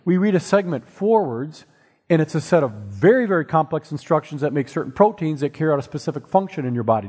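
Husky man lecturing in a reverberant hall. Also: a little high, darkish tone. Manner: explains with everyday analogies and wry asides. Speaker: speaker. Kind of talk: presentation to an audience.

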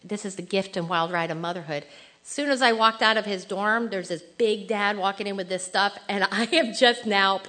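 A middle-aged woman giving an informal sermon to women, chatty and animated, acting out little quoted lines. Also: medium pitch, moderate pace. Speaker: women's ministry speaker.

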